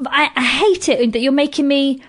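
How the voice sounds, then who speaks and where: A British woman in her thirties, a comedian guest in casual podcast chat, animated and swearing freely. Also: medium pitch, moderate pace. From Britain. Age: 30s. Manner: animated, swears freely, acts out quoted voices.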